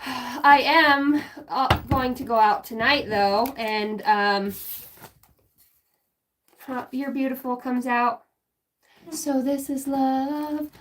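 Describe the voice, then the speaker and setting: Bright, high-pitched, goofy woman. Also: takes it slowly, pauses often, slight background noise. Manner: goofy, laughing, self-mocking, swears freely. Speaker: livestream host offering spiritual readings. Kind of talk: casual live-stream chat.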